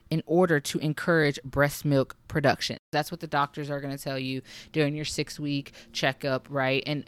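A woman's voice: sits low, dry recording. A young woman giving chatty, casual advice as a mom vlogger, often checking in with "okay" and "right". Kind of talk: casual advice talk to camera.

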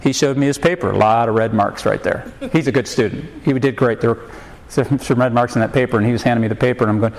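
A man's voice: mid-range voice, quick pace, vocal fry, poor audio. A man in his forties preaching a sermon as a pastor, telling humorous family stories and acting out the voices in them, with emphatic rhetorical questions. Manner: storytelling with humor, acts out quoted voices.

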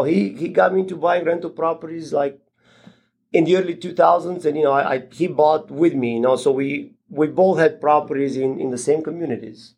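A middle-aged man, a guest landlord, telling a story in casual, rambling talk full of fillers and restarts, jumping higher in pitch when he quotes others. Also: creaky, breathy edge. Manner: animated, jumps higher when quoting others.

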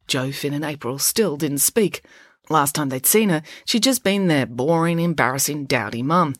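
Husky, expressive woman storyteller. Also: low voice, moderate pace, no room sound, clean studio sound. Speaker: author and narrator. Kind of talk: audiobook-style story reading.

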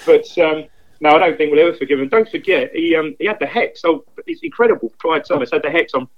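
A man's voice: on the high side, expressive. A man in his fifties, a guest pundit in casual football chat, rambling and repeating himself as he recalls old matches. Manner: rambling, repeats himself, quick enthusiastic recollection. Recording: dull lo-fi remote line.

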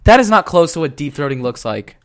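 A man acting in an audio drama, teasing and deadpan in casual banter between takes. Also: fairly high pitch, fairly quick, no echo, clean studio sound. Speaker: voice actor. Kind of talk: casual banter during recording outtakes.

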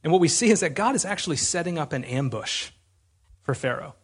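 A man's voice: a little high, lively intonation, brisk, breathy edge. A man preaching a sermon in a conversational, emphatic way, often restarting his phrases.

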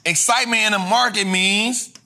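A man hosting a street-style finance lesson, talking in slang, repeating his points emphatically and bursting into shouts. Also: sits high, fairly even intonation, moderate pace. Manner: emphatic and repetitive, drilling points home. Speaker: host.

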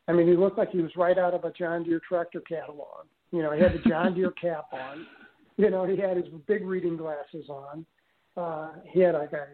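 A man telling a long personal story in a casual, rambling way, full of fillers and restarts. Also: fairly high pitch. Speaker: guest telling his story. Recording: tinny phone line.

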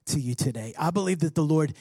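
Male pastor, high voice, passionate sermon, rising to near-shouts, dry close sound. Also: expressive, fast talker, slightly rough, dry recording. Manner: impassioned preaching, rising to near-shouts when quoting scripture.

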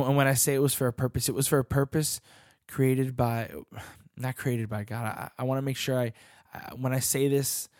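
A man's voice: medium pitch, a little mellow, dry recording, clean studio sound. A young man giving an earnest sermon as a youth pastor and worship leader, often restarting his sentences as he searches for words.

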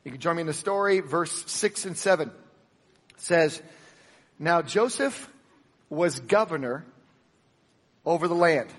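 High-voiced, animated preacher in a reverberant hall. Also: male voice, unhurried, pauses often. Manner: animated, emphatic preaching with sudden loud peaks and soft drops; acts out the dialogue of the Bible story. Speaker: pastor. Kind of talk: sermon.

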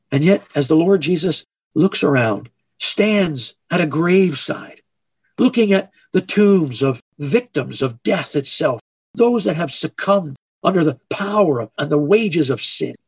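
Gravelly-voiced man preaching earnestly. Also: on the high side, dry recording. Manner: earnest, emphatic preaching with slow stressed phrases. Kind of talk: sermon.

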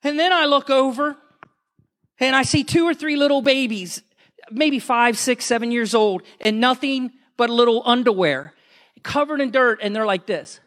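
A man preaching a sermon to a congregation, telling a story with passion and rising at times to shouts. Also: very high-pitched, moderate pace. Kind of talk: sermon testimony.

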